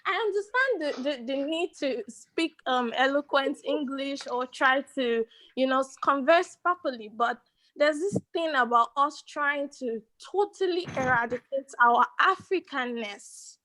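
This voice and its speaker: A woman's voice: sits high, expressive, measured pace, a bit bright. A woman asking a panel question in a hesitant way, searching for her words. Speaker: audience member asking a question.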